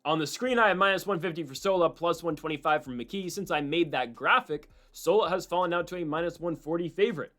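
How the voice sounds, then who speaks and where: A man with a fairly high voice hosts an MMA prediction channel by himself. His delivery is animated and opinionated, broken up by quick takes on how other people sound.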